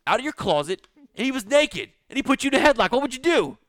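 A man co-hosting a podcast, chatting casually and swinging between mumbled asides and excited outbursts. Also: extremely high pitch, quick pace, no room sound. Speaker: podcast co-host. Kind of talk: casual banter.

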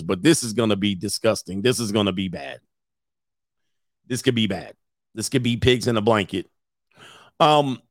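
A man's voice: mid-range voice, no echo, clean studio sound. A male host giving blunt, opinionated casual reaction commentary, laughing often as he talks.

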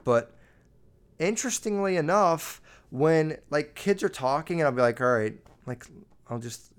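Swearing young man ranting on a podcast. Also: a little high. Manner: casual, profane and emphatic rant. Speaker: podcast host. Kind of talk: solo podcast monologue.

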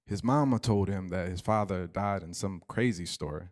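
A man preaching a sermon, telling a story and dropping to quiet emphasis. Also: low-pitched, moderate pace.

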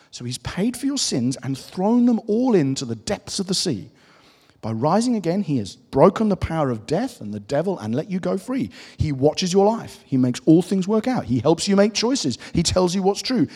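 A man's voice: sits high, darkish tone, breathy edge, heavily acted. A man voicing a wise and kind talking cat from a children's storybook, explaining patiently. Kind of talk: reading a children's storybook aloud. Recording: echoey hall.

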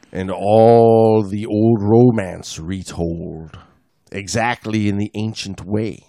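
A man with a gravelly, fry-tinged voice and an unhurried delivery, reciting verse theatrically on a podcast. The sound is dry and close. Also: lowish voice, dark tone, no room sound. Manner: reads verse slowly and theatrically, chats with fillers. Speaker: podcast co-host. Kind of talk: casual chat and recited verse.

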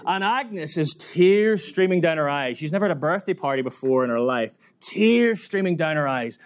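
A male preacher telling a story in a sermon, with lively, dramatic pacing. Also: on the high side, moderate pace, few pauses. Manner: lively, dramatic retelling with quoted voices. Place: church.

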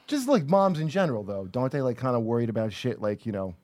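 A man riffs through a casual comedy podcast, trailing off and restarting as he laughs. His voice sits at an ordinary pitch, and the recording is dry and close. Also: very animated, fast, darkish tone, dry recording. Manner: rambling, trailing off, laughing often. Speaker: podcast co-host.

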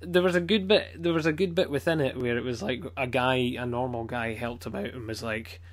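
A man's voice: medium pitch, steady tone, a little fast. Scottish guy rambling on a podcast, swears a lot, blunt, lots of ums. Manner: rambling, sweary, blunt complaints with many fillers. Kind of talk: casual chat.

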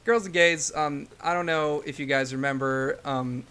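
A man's voice: a little high, steady tone, moderate pace, pushed and bright, clean tone. A young man co-hosting a podcast, joking irreverently and swearing casually. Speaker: podcast co-host.

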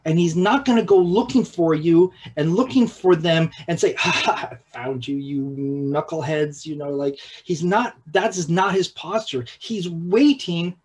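A man preaching a sermon in a halting way, with repeated words and restarts, at times dropping to a hushed, slow voice for emphasis. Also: high-pitched, husky, poor audio. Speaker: pastor.

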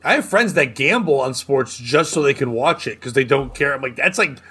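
A man's voice: medium pitch, lively intonation, fairly quick, pushed and bright, breathy edge. A man who is a comedian, a guest in a casual podcast chat, telling rambling anecdotes with dry jokes.

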